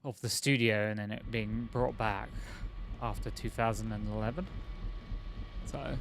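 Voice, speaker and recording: A man's voice: on the low side, steady tone, a little slow, vocal fry, a little hiss or hum. A man streaming a video game, thinking aloud and rambling in casual commentary with many fillers.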